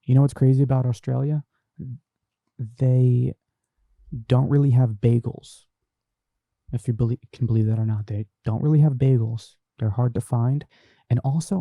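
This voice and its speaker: A man's voice: mid-range voice, steady tone, normal speed, vocal fry, long pauses, dark tone, no echo. A young man hosting a casual podcast, reading viewer comments aloud and chatting about them. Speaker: podcast host reading live chat. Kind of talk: casual live-stream chat. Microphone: desk microphone through a mixer.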